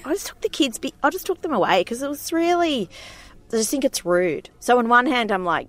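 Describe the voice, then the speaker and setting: A woman's voice: a little high, lively intonation, a little fast. A woman co-hosting a casual chat, telling stories bluntly and acting out the people in them. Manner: chatty storyteller, acts out quotes, blunt and indignant.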